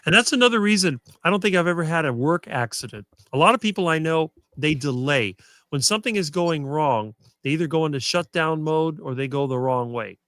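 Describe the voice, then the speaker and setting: Middle-aged male guest, smooth talker with no ums, dry close mic. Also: fairly high pitch, animated, a bit bright, no room sound. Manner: fluent and quick, few fillers. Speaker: guest on a diet talk show. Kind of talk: casual conversation on a live stream.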